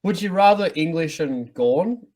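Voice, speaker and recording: A man with an Australian accent chats easily as a podcast co-host. His voice sits somewhat high for a man. His delivery stays relaxed and conversational. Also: unhurried, rough recording. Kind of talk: casual chat.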